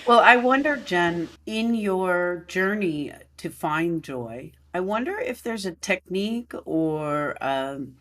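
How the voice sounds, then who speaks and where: Slow, hesitant podcast host. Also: mid-range voice, expressive, a bit bright. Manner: slow and searching, hesitant phrasing. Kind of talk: interview questions.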